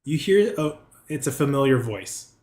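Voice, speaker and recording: A man narrating as game master, pausing often with ums while he describes the scene. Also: medium pitch, very animated, darkish tone, echoey room. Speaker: dungeon master.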